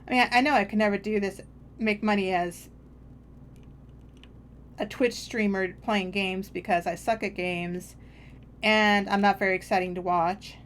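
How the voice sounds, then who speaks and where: A woman's voice: medium pitch, fairly even intonation, moderate pace, long pauses, slight background noise. A woman streaming a game, chatting casually in a meandering, self-deprecating way. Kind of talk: casual rambling chat while gaming.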